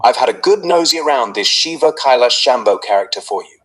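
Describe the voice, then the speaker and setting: AI voice as a chatty male private eye, Indian accent, husky tone, breezy slangy reporting. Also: mid-range voice, animated, fairly quick, a bit bright, rough recording.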